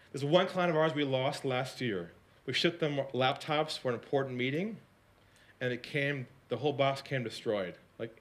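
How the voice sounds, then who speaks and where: A man giving a storytelling talk as a sales coach, dropping to a hush for quoted lines and rising high when excited, often asking the audience questions. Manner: animated, swings between hushed quoted lines and high excited narration; repeats and restarts words, asks the audience questions.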